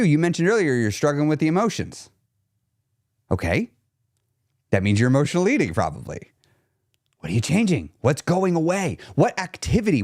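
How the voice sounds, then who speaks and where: Coaching viewers on weight loss in a live chat stream, this man, whose pitch is fairly high, is blunt and emphatic and keeps repeating what matters most. When he speaks about himself, he goes quieter. The clean studio recording is dry.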